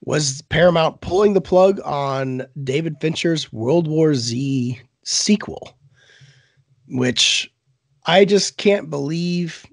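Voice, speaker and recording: A man with a cold and a hoarse voice, co-hosting a chat and talking bluntly, with plenty of swearing. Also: fairly high pitch, slow pace, no room sound. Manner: swears a lot, loose and blunt. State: sick, hoarse. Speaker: podcast co-host. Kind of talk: casual chat.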